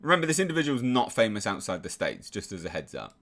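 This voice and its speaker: A man's voice: lowish voice, very animated, fast, fairly bright tone. A man with an English accent giving casual, sarcastic commentary, exasperated and swearing freely. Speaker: YouTube commentator.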